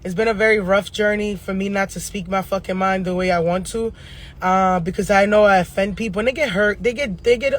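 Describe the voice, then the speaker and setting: A woman giving a casual astrology reading who talks bluntly and profanely, going off on fast-ranting tangents. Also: medium pitch, steady tone. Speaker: astrologer and tarot reader.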